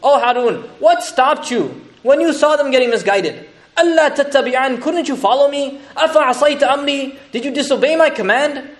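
A man's voice: very high-pitched, fast, voice pushed up. A man voicing an angry adult male prophet who demands answers from his brother. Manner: agitated, demanding questions.

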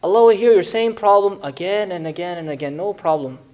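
A man teaching a Quran lesson in a lively, conversational way, asking the audience questions and making joking asides. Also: sits high, a little fast, highs cut off. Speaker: Islamic teacher.

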